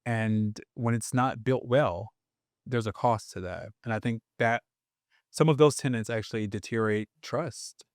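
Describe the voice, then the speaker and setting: A podcast host who asks rambling, animated questions full of restarts and "like.". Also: medium pitch, a little slow, no room sound, clean studio sound. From Tennessee, US. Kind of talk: casual interview conversation.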